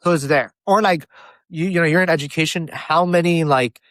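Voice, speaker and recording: Young man, from Miami, animated storyteller, slightly raised pitch, dry close sound. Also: fairly quick, dry recording. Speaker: guest. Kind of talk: casual video-call conversation. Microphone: video call.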